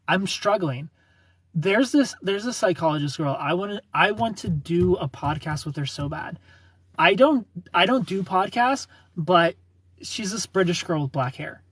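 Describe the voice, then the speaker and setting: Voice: medium pitch, breathy edge, no echo. A livestreamer in their thirties answering chat comments in a chatty, opinionated way and laughing often. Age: 30s.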